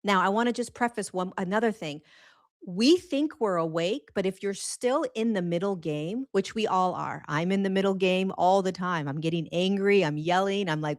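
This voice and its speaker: A woman hosting a spiritual livestream, at a middling pitch for a woman. She talks earnestly and with emphasis, repeating her phrases and drawing out the words she wants to land. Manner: slows right down on key words. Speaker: host of a spiritual talk show. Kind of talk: live-streamed spiritual monologue.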